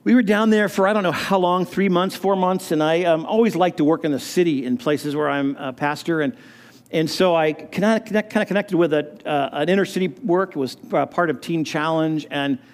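Earnest high-voiced male pastor. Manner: earnest, halting, with frequent restarts. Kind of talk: personal testimony.

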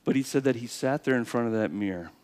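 A pastor delivers a sermon in earnest storytelling, his medium-pitched voice swelling to loud emphasis before falling into quiet, slowed phrases.

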